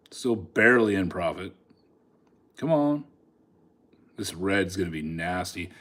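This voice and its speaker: A man's voice: low-pitched, fairly bright tone. A man casually talking through his live day trades, speaking to the chart and laughing often, recorded on a phone he holds in his hand. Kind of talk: casual live trading commentary. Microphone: phone held in hand.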